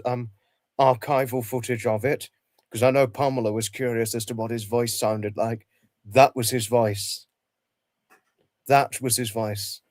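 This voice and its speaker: A man hosting a casual livestream, reminiscing in a halting way, often repeating himself and restarting his sentences. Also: medium pitch, darkish tone, no room sound. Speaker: livestream host.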